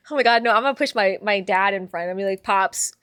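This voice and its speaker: A woman's voice: mid-range voice, expressive, moderate pace, no room sound, studio quality. A woman hosting a livestream, chatting casually with viewers in a playful, rambling way and laughing often. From father from Puerto Rico. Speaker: livestream host reading chat.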